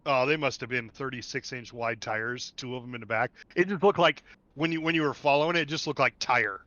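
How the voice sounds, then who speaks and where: A man hosting a casual gaming livestream, talkative and quick to laugh as he explains things at length. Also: mid-range voice, pushed and bright, no echo, dull audio. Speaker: livestream host. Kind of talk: casual gaming stream chat.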